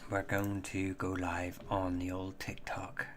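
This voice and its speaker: A man hosting a casual livestream and chatting with viewers in a rambling, halting way, with many fillers and restarts. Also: low voice, completely flat delivery, noisy background. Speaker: livestream host.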